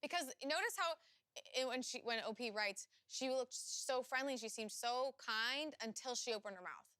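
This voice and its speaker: A woman's voice: fairly high pitch, lively intonation, moderate pace, sharp tone, dry recording, studio quality. A woman co-hosting a casual chat and spinning theories about the story. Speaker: co-host.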